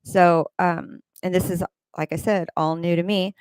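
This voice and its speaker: A woman's voice: fairly low pitch, fairly even intonation, measured pace, a little mellow, smooth, dry recording. A woman hosting a casual livestream from home, reading viewers' comments aloud and rambling between asides. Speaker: livestream host. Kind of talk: casual live-stream chat. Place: home room with a fan running. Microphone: desk microphone.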